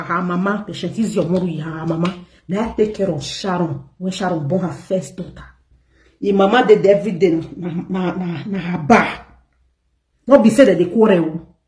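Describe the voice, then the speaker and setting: A woman's voice: on the low side, darkish tone. A Nigerian woman vlogging to her viewers, telling a story in an emphatic, indignant way. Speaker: gossip vlogger. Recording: echoey room.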